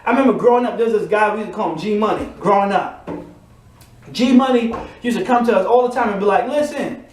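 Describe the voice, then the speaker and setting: A man's voice: sits high, fast talker, a little mellow. A man preaching a motivational sermon, building to emphatic repeated refrains. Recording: echoey room.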